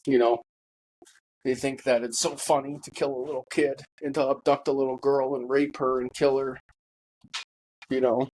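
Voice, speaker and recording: A man telling his own story in a halting monologue, full of pauses and fillers, grieving and bitter. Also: mid-range voice, level tone, darkish tone, slight background noise, low-quality recording. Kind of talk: personal testimony monologue.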